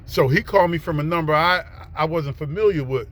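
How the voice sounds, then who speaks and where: Casual storyteller: man, fairly high voice, profane and slangy, acts out the other people in his tale. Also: brisk, a bit bright.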